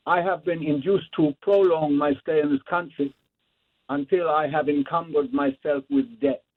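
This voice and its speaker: Actor doing a proud old Prussian general, formal and solemn, a bit high, thin phone line. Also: male voice, close to an everyday voice. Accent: Prussian German, put on. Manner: formal, solemn letter reading. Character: proud aging Prussian general pleading for payment.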